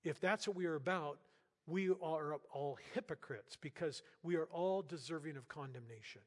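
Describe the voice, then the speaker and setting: Older guy pastor preaching, kinda high voice, earnest and chatty, gets loud for emphasis, big echoey church. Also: moderate pace. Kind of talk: sermon. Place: church sanctuary. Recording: long hall reverb.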